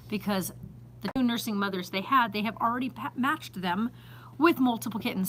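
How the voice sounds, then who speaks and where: A woman's voice: mid-range voice, sharp tone, a little hiss or hum, poor audio. A woman vlogging to a handheld phone in her small store, chatty and exasperated, often laughing and emphatic. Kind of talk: casual chat to camera.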